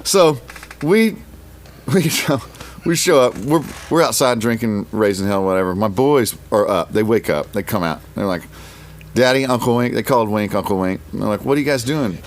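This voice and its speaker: A man's voice: on the low side, normal speed, a little hiss or hum. A middle-aged man from Oklahoma, a guest musician telling a long story in a casual, rambling, profane and emotional way.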